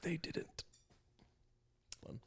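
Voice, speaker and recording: A man's voice: very slow, fairly bright tone. A man on a comedy podcast, rambling through jokey asides in casual banter.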